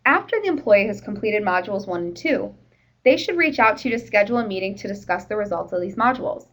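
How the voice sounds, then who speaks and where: A woman's voice: mid-range voice, fairly bright tone, low-quality recording. A woman presenting a workplace training session in a conversational, explanatory way, with the odd "you know".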